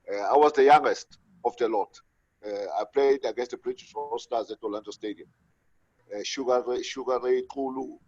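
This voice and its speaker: A man's voice: on the low side, darkish tone, slightly rough, dry recording. Brief: male panelist, hesitant, dull dry sound. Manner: lists names, hesitant fillers. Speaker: panelist, former footballer. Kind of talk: recalling on an online panel. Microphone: video call.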